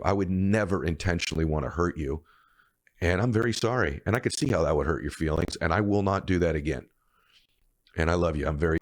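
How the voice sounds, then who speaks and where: A man in his fifties giving an earnest, emphatic motivational speech with personal stories. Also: deep voice. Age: 50s. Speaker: motivational speaker.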